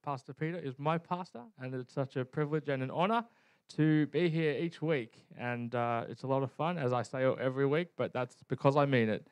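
An Australian man co-hosting a casual church teaching chat, eager and quick to agree, stumbling over repeated words. His voice sits at a middle pitch and sounds dry and close. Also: clean tone, no room sound. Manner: enthusiastic, stammers on restarts. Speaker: co-host.

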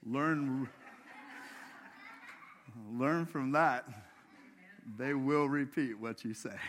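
A male pastor preaching a sermon in a church, talking conversationally and asking the congregation questions. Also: mid-range voice.

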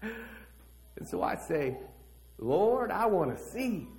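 A brash, eager blind beggar spins his tale in slangy, animated street talk, as a man acts him out. The voice sits high and swoops up and down with energy. It plays as a dramatic monologue within a church service. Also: slow pace, exaggerated voice. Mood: excited. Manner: slangy, animated first-person storytelling.

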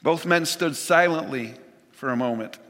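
A man delivers a sermon with an earnest, measured cadence, pausing and restarting now and then as he quotes scripture. His voice sits a touch high and rings bright and forceful. Long reverb from a large church hall trails each phrase. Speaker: pastor.

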